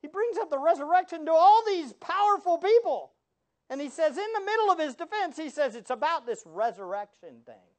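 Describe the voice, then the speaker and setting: Lively, animated man preaching a sermon. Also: very high-pitched, brisk. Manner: animated, asks rhetorical questions of the congregation; sarcastic asides. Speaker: pastor.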